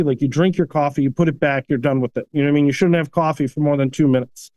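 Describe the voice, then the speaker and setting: A man, a chef and restaurant owner, telling stories casually in an animated way, often tagging "you know what I mean.". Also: fairly high pitch, fast, no echo. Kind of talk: casual storytelling.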